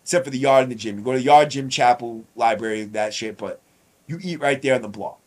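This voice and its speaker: A man hosting a podcast, telling his prison stories in a casual, profane, animated way and acting out other people's lines. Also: medium pitch, fast talker. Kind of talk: casual storytelling monologue.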